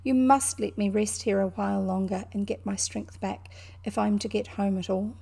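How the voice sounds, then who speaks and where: A timid young male mole in a storybook, speaking high and breathless with a New Zealand accent, as a woman reader puts him on. His voice is husky and mellow, with a gravelly catch beneath the pleading. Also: moderate pace. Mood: weary.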